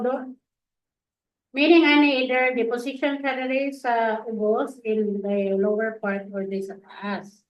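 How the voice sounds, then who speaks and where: A woman teaching music notes, casual and chatty, mixing languages and adding tag questions. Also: on the high side. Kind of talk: casual lesson, code-switching. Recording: echoey room, dull lo-fi sound.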